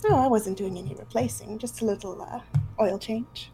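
A woman's voice: on the high side, normal speed, music in the background, close to an everyday voice, low-quality recording. A woman voicing a flirty male monster lover in a put-on Italian accent, playful and teasing.

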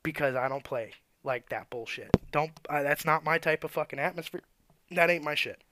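A man's voice: on the high side, moderate pace, background noise. A man who works as an auto mechanic, telling shop stories in a blunt, profane, ranting way. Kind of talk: casual storytelling rant.

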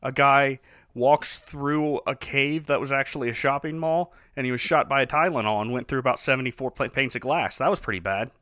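Podcast co-host, man, bright and upper-pitched, wry movie-recap storyteller, dry close mic. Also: a little fast, dry recording. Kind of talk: casual comedic movie recap.

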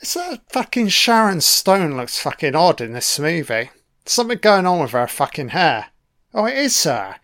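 A man's voice: a little high, big pitch swings, normal speed, fairly bright tone. A man giving a casual, profanity-filled commentary on a film, reacting to scenes as they play. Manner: heavy swearing, chatty reactions.

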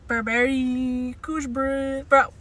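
A woman co-hosting a casual podcast, chatting in slang with frequent cursing and loud bursts of laughter. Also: high-pitched, level tone, slow pace, recorded from a distance, a little hiss or hum. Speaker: podcast co-host. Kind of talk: casual chat.

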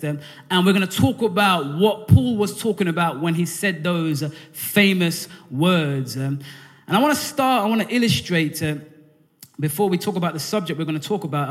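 A male preacher delivers a sermon in a church, talking in a loose, conversational way and calling out to the congregation. His voice sits high for a man, and long reverb trails each phrase through the room. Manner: energetic call-and-response preaching; conversational, with frequent fillers and restarts. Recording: hall reverb.

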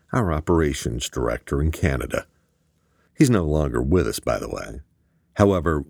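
A ruthless corporate boss, played by a man, cold and cutting with a sarcastic edge. The deep voice lifts higher and louder than the narration, pushing hard on key words, recorded dry and close. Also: no echo, exaggerated voice. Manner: cutting and sarcastic, flaring into shouts.

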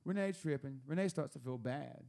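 A man with a fairly high voice tells a story in a loose, chatty way, laughing often and tripping over repeated words. He is seated at a table, talking with friends on a show. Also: brisk, gravelly, dark tone. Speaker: podcast host telling a story. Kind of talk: casual storytelling chat. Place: room at a table.

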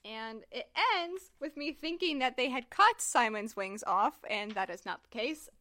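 A woman's voice: on the high side, expressive, unhurried, bright, forceful tone, no room sound, studio quality. A woman recapping a book in casual podcast chat, talking loosely with lots of "like" and "um.". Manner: chatty, heavy use of "like" and "um". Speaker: podcast co-host discussing a book.

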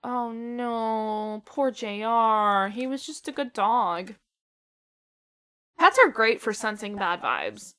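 An excitable woman in casual watch-along chat, her voice bright and on the high side. She gasps and exclaims at each scary moment, laughing and swearing freely as she talks. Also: slow, clear, resonant tone. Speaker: co-host reacting to a film.

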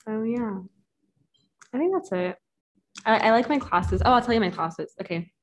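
A woman's voice: on the high side, expressive, moderate pace. A young woman, a college student, chatting casually on a video call and filling her talk with "like" and giggles. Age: young adult. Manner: chatty, many "like" fillers, giggly. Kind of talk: casual catch-up chat.

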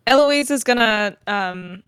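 A woman's voice: a little high, measured pace, a bit bright, clear, resonant tone, no room sound. A woman playing a tabletop role-playing game, describing what her character does in a hesitant way with fillers. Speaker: player.

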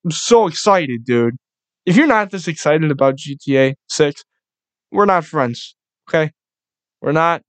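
A young man with a slightly high voice rants excitedly and swears constantly, rambling from one thought to the next. His voice is recorded dry and close, with no room sound. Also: a little slow, pauses often, no echo. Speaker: podcast host. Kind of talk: casual solo rant.

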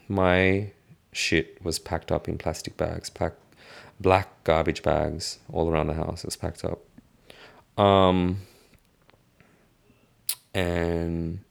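Young male vlogger, low gravelly voice, candid swearing storyteller. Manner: frank and casual, swears freely, restarts sentences. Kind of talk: candid personal storytelling to camera.

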